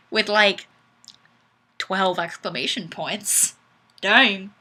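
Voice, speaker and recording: A woman's voice: mid-range voice, slow pace, pushed and bright. A woman hosting a webcam chat, reading viewer comments aloud in a playful, giggly, sing-song way into a webcam microphone.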